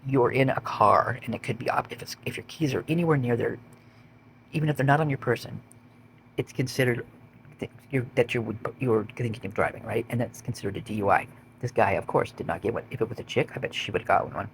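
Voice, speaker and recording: A man's voice: mid-range voice, fast, vocal fry, a little hiss or hum. A man reading out police call logs and adding blunt, swearing commentary of his own. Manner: blunt, swears when indignant. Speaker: vlogger.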